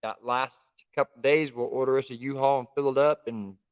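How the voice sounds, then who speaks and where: A man's voice: mid-range voice, steady tone, fairly quick, clean tone. A man co-hosting a casual live stream from home, chatting in an easygoing, rambling way. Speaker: livestream co-host.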